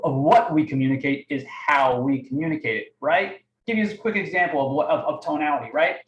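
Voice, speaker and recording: An energetic man coaching a live online audience, his voice sitting a bit high. He keeps asking "right?" and "okay?". The sound is echoey, as if he is in a bare room. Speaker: webinar host. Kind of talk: live sales training talk.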